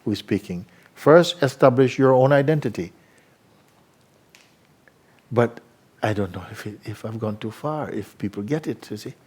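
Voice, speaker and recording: A man giving spiritual teaching to a live audience, unhurried and probing with repeated questions. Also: medium pitch, animated, a little mellow, slightly rough.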